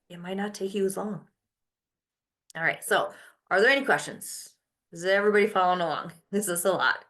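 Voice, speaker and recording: A woman's voice: fairly low pitch, lively intonation, a little fast, pauses often, a bit bright. Woman coaching a live class. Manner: coaching, asks and answers her own questions. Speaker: host. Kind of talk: live online masterclass.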